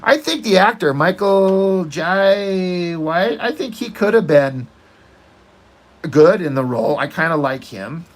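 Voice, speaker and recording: A man's voice: high voice, expressive, slow pace. A man chatting casually while he draws, ranting and opinionated, swearing freely and trailing off into fillers. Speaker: artist working on a comic page. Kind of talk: casual rambling chat while drawing.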